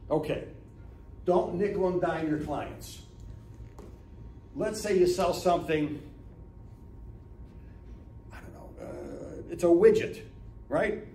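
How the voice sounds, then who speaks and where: A man in his seventies from Northeast Ohio tells stories at a business talk, acting out the people in them and checking in with "right?". His voice sits a bit high for a man. The mic picks him up from across an echoey room with a faint hiss. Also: takes it slowly, long pauses, dark tone, far from the mic. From Northeast Ohio, USA. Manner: chatty storyteller, acts out dialogue, keeps asking "right?". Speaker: guest speaker at a business lunch talk.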